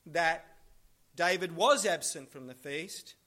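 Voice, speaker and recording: A male preacher retelling a story in a sermon, with a fairly high voice. He drops to near murmurs and then surges up again as he carries the story along. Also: takes it slowly. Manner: animated storytelling, swings between hushed and loud. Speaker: pastor.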